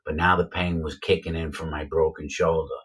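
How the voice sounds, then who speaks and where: Brief: a husky, deep-voiced man from New York, rambling through a story. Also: level tone, a little fast, a bit bright. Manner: rambling, many uh fillers, repeats himself. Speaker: vlogger telling his own story. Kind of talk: casual storytelling to camera.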